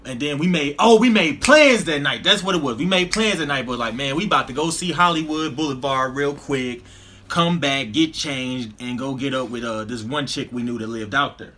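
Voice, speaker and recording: A man telling a story in casual slangy chat, animated and laughing through the punchlines. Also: mid-range voice, moderate pace.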